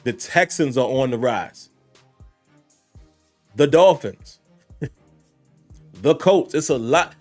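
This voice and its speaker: A man's voice: on the high side, darkish tone. A man hosting a sports fan podcast, talking casually and directly to his listeners. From Richmond. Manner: conversational, addresses listeners directly. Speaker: podcast host.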